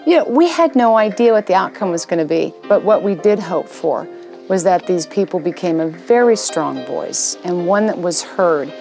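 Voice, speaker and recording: A woman in an interview, telling memories with animated laughter. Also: on the low side, moderate pace, creaky, music in the background. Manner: animated, laughs while recalling. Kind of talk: reminiscing interview.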